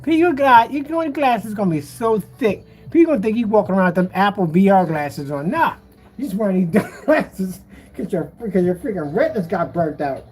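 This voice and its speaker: Man, casual rant, jokey, laughs a lot, slangy, exaggerated, bouncy lively intonation. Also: high voice, moderate pace. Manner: jokey, laughs often, mocking. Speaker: screen paint seller. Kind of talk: casual ranting commentary.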